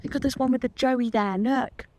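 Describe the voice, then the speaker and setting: A woman of twenty talking casually to camera in a vlog, chatty and excitable, with lots of fillers and exclamations. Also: high voice, quick pace, noisy background. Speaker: vlogger. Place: outdoors on a walk and indoors at home.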